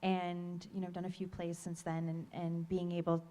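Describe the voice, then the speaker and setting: Chatty young woman actor, lowish voice. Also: completely flat delivery, mellow. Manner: chatty and giggly, quick to laugh. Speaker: actor on a panel. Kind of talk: casual panel Q&A answers.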